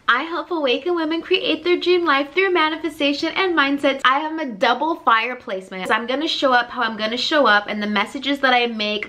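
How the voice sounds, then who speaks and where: Woman coach vlogging, kinda high bright voice, blunt tough love, repeats herself a lot. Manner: blunt tough-love lecturing, energetic and repetitive. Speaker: life coach and channel host. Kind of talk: direct-to-camera motivational vlog.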